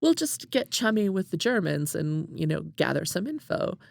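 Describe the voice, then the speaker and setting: Female podcast co-host, gravelly and dry, chatty storyteller full of fillers. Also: on the low side, normal speed, dry recording. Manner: animated storytelling, many "like"s. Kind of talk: casual book chat.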